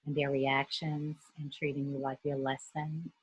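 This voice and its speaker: A woman from New York with a deep, heavily husky voice tells a personal story to a group. She speaks in an earnest, steady way over a video call. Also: unhurried, no room sound, muffled recording. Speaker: youth mentor.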